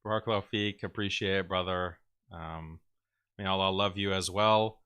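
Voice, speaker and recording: A male livestream host with a bright, forceful voice that comes through smooth and crisp. He talks in a blunt, opinionated way, laughing now and then and mocking critics with sarcastic mimicry as he reads and answers viewer messages. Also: sits low, fairly even intonation, normal speed. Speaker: show host reading viewer super chats. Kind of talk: casual livestream commentary.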